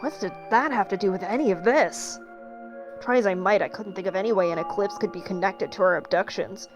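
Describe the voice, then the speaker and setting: A woman's voice: medium pitch, brisk, music in the background. A woman co-hosting a let's-play podcast, reading a game's narration and making sarcastic asides. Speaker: podcast co-host.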